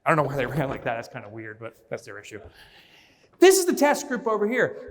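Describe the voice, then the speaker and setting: A man's voice: mid-range voice, quick pace. A man giving a motivational business keynote on a conference stage, telling stories with energy and acting out scenes. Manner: energetic storyteller, mimics and shouts when acting out scenes. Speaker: keynote speaker. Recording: long hall reverb.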